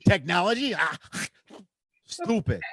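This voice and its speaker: A man hosting a casual comedy interview, quick with sarcastic jokes and asides. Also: high-pitched, very animated, pushed and bright, slight background noise. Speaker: comedian host.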